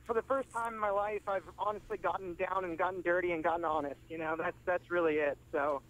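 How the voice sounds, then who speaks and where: A man's voice: high-pitched, steady tone, fast, fairly bright tone, low-quality recording. A man in his twenties calling in to a radio show, eager, grateful and upbeat. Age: 20s. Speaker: caller. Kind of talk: phone-in call.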